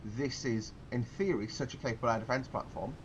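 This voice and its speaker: A man talking through a naval strategy game in casual commentary, rambling and explaining as he goes. His voice sits at an average pitch. A faint rumble runs underneath. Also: fairly quick, lo-fi sound. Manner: rambling, explanatory, frequent fillers and restarts. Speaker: gameplay commentator.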